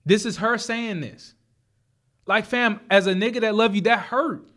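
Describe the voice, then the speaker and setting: A young man telling a story in casual chat, animated and profane, laughing often as he talks. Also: high voice, normal speed. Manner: animated, laughs often, profane street slang, repeats and restarts.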